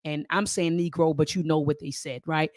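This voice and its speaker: A middle-aged woman hosting a live-stream commentary show, talking to her viewers as family, lively and repeating her phrases. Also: low voice, normal speed, dry recording, studio quality. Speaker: host.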